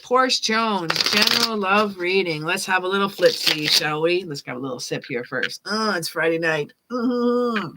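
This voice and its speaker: A woman giving tarot readings on a casual live stream, chatting and reading card meanings aloud as she thinks out loud. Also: on the low side, lively intonation, moderate pace, few pauses, slight background noise, rough recording. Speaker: tarot reader.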